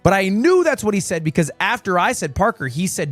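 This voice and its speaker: A man in his twenties telling a rambling story on his stream, swinging between low mutters and high exclamations. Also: big pitch swings, a little fast, a bit bright, faint music behind. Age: 20s. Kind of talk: casual storytelling.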